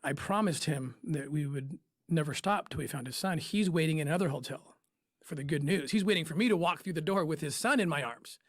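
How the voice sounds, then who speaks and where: A man in an interview, telling a personal story in an emotional, halting way with pauses and restarts. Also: on the high side, no room sound, studio quality. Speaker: interview guest, former undercover operative.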